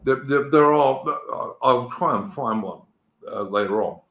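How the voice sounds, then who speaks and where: A British man hosts a casual chat show, telling stories chattily with many restarts and stammers. His medium-pitched voice is a little slow, creaky and fairly bright, heard in an echoey room.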